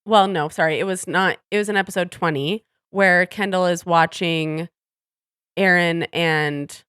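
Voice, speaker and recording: Chatty and quick to laugh, this podcast co-host often lets her thoughts trail off in casual conversation. Her fairly low voice is clean and fairly bright, with fairly even intonation and a measured pace. The studio sound is clean, with no echo.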